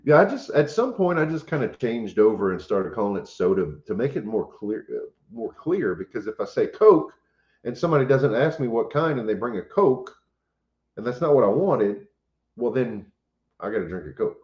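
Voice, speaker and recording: A man's voice: mid-range voice, very animated, normal speed, darkish tone. A man hosting a casual chat, playful and teasing, laughing often. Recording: roomy, slightly dull recording.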